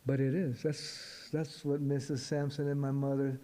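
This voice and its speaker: An older man, a poet, giving a reflective storytelling talk to an audience in a halting, repetitive, musing way. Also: mid-range voice, level tone, mellow.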